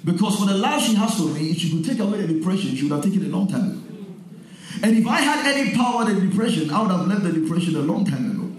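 A male pastor delivering a sermon, telling personal stories and building up to forceful preaching. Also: high voice, expressive, very fast. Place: church hall. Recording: echoey hall.

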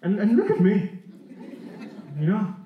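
Male preacher, high voice, animated storyteller; recorded from a distance in a roomy hall. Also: a little slow, phone-quality sound, slight background noise. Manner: animated, lively storytelling with frequent restarts and repeated words. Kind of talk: sermon storytelling to a congregation. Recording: echoey hall, voice from far off.

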